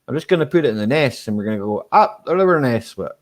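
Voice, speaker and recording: A Scottish man hosting a casual live-stream chat, relaxed and chatty, laughing easily and tagging his sentences with "eh?". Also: medium pitch, quick pace. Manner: relaxed and chatty, ends lines with "eh?".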